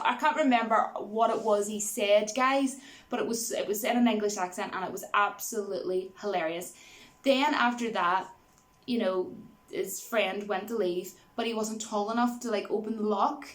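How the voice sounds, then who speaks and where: A woman's voice: mid-range voice, steady tone, moderate pace. A woman giving a casual spoken movie review, rambling with many fillers and laughing easily as she retells scenes.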